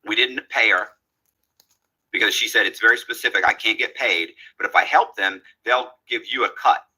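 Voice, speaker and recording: Man, husky voice, very bright tone, casual storytelling, acts out dialogue. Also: on the low side, moderate pace, rough recording. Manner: animated, acts out quoted dialogue.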